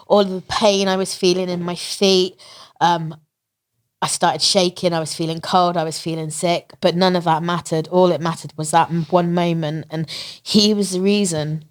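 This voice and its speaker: A lower-voiced woman from England tells her story as a podcast guest. She speaks with lively feeling and laughs often. She acts out the voices of the people in her story. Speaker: interview guest, marathon runner. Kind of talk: emotional storytelling in a podcast interview.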